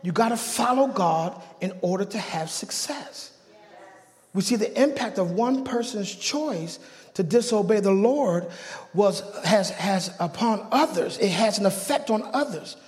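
A man preaching a sermon in a church, fervent and joking with the congregation, often breaking into excited yelling. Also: high-pitched, unhurried. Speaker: pastor. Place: church sanctuary. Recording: long church hall reverb.

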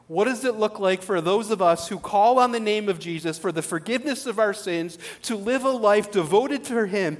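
Guy pastor preaching, kinda high voice, lively, lots of what-if questions. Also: normal speed, few pauses. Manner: animated, rhetorical preaching. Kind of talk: sermon.

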